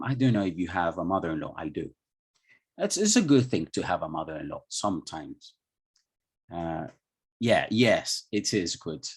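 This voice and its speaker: A man's voice: lowish voice, slightly rough. A man with a Colombian Spanish accent, leading an online IELTS training session for teachers in a chatty way, with many restarts and questions put to the audience. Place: video call.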